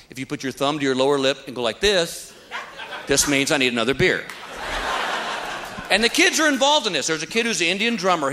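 A man doing stand-up comedy, telling stories animatedly and acting out the characters. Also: fairly high pitch. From Texas. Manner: animated storytelling, acts out characters. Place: stage before a live audience. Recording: live show with audience laughter. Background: audience laughter and noise.

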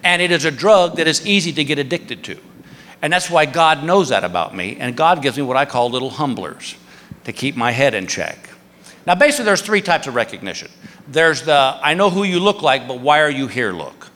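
A man's voice: mid-range voice, very animated, a little fast, pushed and bright. A man in his fifties telling a stand-up comedy story on a theater stage, acting out the voices of the people in it. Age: 50s. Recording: live theater with long reverb.

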